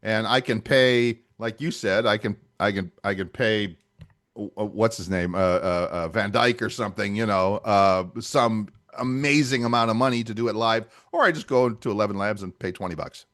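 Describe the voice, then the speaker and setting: Low-voiced man co-hosting a chat podcast. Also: moderate pace. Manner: relaxed, hesitant with many fillers. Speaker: podcast co-host. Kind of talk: casual chat.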